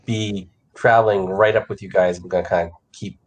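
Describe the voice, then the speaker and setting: A man's voice: sits low, steady tone, a little fast, slightly rough, low-quality recording. A man playing a tabletop role-playing game, mostly giving short replies and a few in-character lines. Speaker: player.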